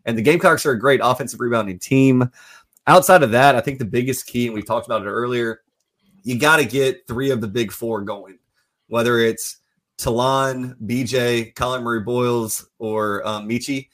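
A male sports talk host lays out his analysis in a steady, even way. His voice sits in an ordinary middle range. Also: medium pitch, moderate pace.

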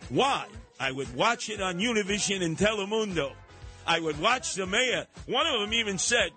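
A man hosts a talk radio show with a bright, forceful voice pitched slightly high. His delivery is sarcastic and animated, and he keeps breaking into mocking impressions. Faint music plays underneath. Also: moderate pace.

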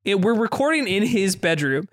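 A man's voice: high voice, very animated, normal speed, no room sound, studio quality. A man co-hosting a podcast, trading crude teasing jokes in casual chat and laughing often. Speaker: podcast co-host.

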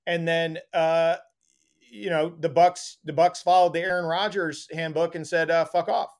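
High-voiced man, profane podcast banter. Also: flat delivery. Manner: profane, fast, laughing riffs. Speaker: podcast co-host. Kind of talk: casual sports chat.

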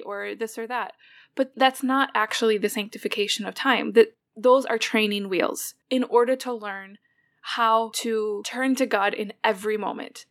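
A woman's voice: on the high side, normal speed. A woman guest in a casual conversation about faith, explaining her ideas thoughtfully and at length.

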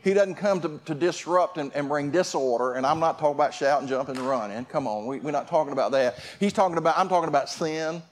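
A man's voice: a little high, fast, few pauses. A man preaching a sermon as pastor, impassioned, repeating words and restarting his phrases.

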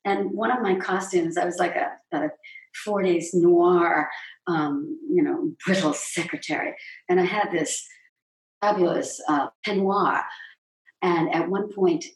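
A woman's voice: fairly low pitch, a little slow. A woman stage actress telling stories as an interview guest, chatty, breaking off mid-sentence and acting out what others said. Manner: chatty, self-interrupting, acts out quotes. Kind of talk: anecdotal interview storytelling. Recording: roomy echo, distant mic.

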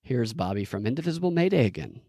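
A man's voice: medium pitch, very animated, fast, mellow, husky, dry recording, studio quality. A man hosting a podcast, mocking the clips he plays and parroting quotes sarcastically. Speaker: podcast host. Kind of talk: commentary over played clips.

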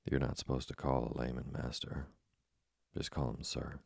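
A man's voice: extremely low pitch, level tone, normal speed, gravelly, a little mellow, husky, no room sound, clean studio sound, heavily acted. A man reading the part of a prim, timid young girl in a sleep story, in a correcting tone.

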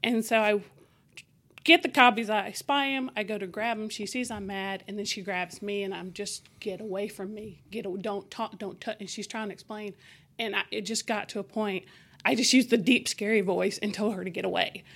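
A woman teacher talks through her experiences in an interview, animated and conversational. She restarts sentences on the fly and slips into the voices of the people in her stories. Her pitch sits in the middle for a woman. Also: normal speed, gravelly. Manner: animated, acts out quoted exchanges. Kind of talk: conversational storytelling.

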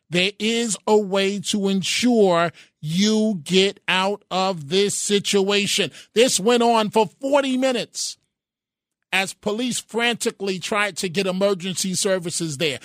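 A man's voice: sits high, fairly bright tone, no echo. A man hosting a talk radio show, telling a story in an emphatic, impassioned way from a radio studio. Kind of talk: opinionated talk radio monologue. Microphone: studio microphone.

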